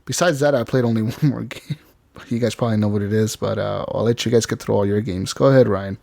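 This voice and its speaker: A man's voice: lowish voice, fast, gravelly, a little mellow, no room sound. Rambling man chatting about games. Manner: rambling, laughing, acts out game lines. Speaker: podcast co-host. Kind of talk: casual gaming chat.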